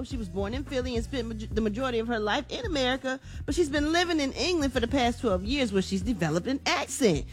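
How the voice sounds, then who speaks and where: Brief: woman radio host, chatty entertainment news read, slightly high pitch, light music bed. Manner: chatty, animated, folksy asides. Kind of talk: radio morning show news segment.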